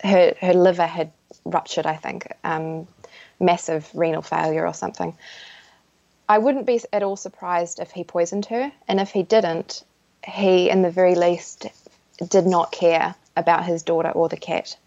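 A woman guest telling a personal story in an earnest, halting way, often restarting her sentences, recorded over dull lo-fi remote audio. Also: lowish voice, fairly even intonation, vocal fry, warm tone, no echo. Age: adult. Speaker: podcast guest.

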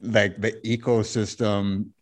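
A man with a fairly low voice talks movies with his co-host over a video call from home. He rambles as he works out his point, filling the gaps with "like", and likes to tease his partner. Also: little pitch movement, slow. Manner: rambling, leans heavily on "like" as he thinks aloud, teasing. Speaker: podcast co-host. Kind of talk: casual chat. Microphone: computer mic over a video call.

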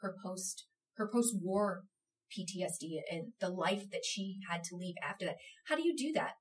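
A woman with a slightly low voice tells a story in a casual interview, animated and emotional, acting out the lines she quotes. She sits a little back from the mic, so she sounds somewhat distant. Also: normal speed. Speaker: theater company producer.

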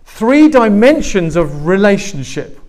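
A man's voice: high-pitched, very animated, unhurried. A man with an English accent, preaching a sermon to a live congregation and joking with them as he goes. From England. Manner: warm, joking, talks with the congregation. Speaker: pastor. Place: church hall with a live congregation.

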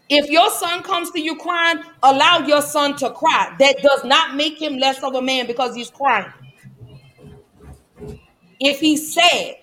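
A woman's voice: high voice, fairly bright tone. A mother giving impassioned, preachy commentary in a casual, colloquial way. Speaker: vlogger and mother.

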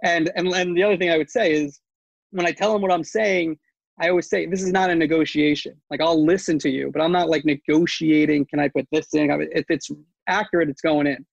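A man's voice: fairly high pitch, steady tone, a little fast, creaky, no echo, muffled recording. A man who works as a sports media reporter, talking casually in an interview, rambling with many fillers and restarts.

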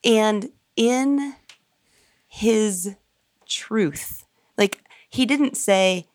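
A woman's voice: medium pitch, no echo, clean studio sound. A woman sharing a personal story in an earnest, emotional way during a conversation. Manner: earnest, emotional, quick bursts.

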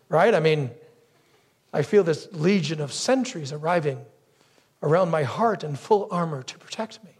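A man preaching a sermon, telling a story with lively asides and acting out brief voices. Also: a little high, moderate pace, slightly rough. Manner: storytelling, acts out wife's lines and crow caws. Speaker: pastor.

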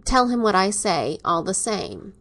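A woman's voice: medium pitch, big pitch swings, a little slow, gravelly, fairly bright tone, heavily acted. Stern, ironic older doctor, read by a woman for an audiobook, mid-range voice. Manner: dry, coolly sarcastic. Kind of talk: audiobook reading.

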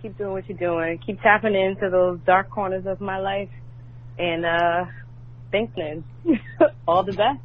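A woman's voice: medium pitch, measured pace, pauses often. Brash New woman on a voicemail. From New York. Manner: brash, profane storytelling. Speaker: caller. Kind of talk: voicemail message. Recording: tinny phone line, faint hum.

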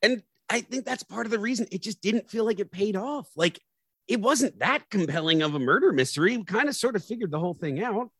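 A man's voice: high voice, lively intonation, a little fast, fairly bright tone, husky, no echo, clean studio sound. A man co-hosting a casual podcast chat about a TV episode, opinionated and prone to long critical rants. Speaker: podcast co-host.

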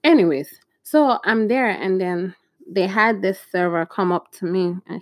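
A woman vlogging in a casual, animated storytelling way, chatty and laughing at her own stories. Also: mid-range voice, unhurried, dry recording.

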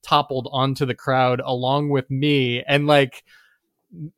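A man's voice: mid-range voice, flat delivery, unhurried, no room sound, studio quality. A man telling a rambling anecdote as a podcast guest, full of filler words and laughing as he goes. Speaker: musician guest. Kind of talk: casual podcast storytelling.

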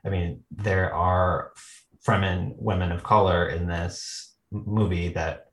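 A man's voice: low-pitched, steady tone, unhurried, reverberant, poor audio. A man in a casual film discussion, thoughtful and analytical, often laughing mid-sentence.

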